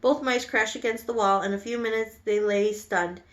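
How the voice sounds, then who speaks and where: A woman's voice: on the high side, moderate pace. A woman teacher reading a children's novel aloud to students, with some stumbles and restarts. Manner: unpolished reading with restarts on words.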